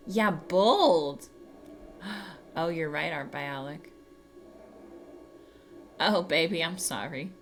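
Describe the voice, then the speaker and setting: A woman hosting a casual livestream from home, chatting with viewers in a giggly, animated way with casual swearing. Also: fairly low pitch, drawn-out words, long pauses, a little hiss or hum. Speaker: livestream host.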